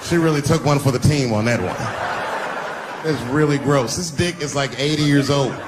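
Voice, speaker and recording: A middle-aged man doing a live stand-up routine, punchy and profane, swinging between loud bursts and low asides. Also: moderate pace. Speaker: stand-up comedian. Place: comedy stage before a live crowd. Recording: noisy live stage recording with audience.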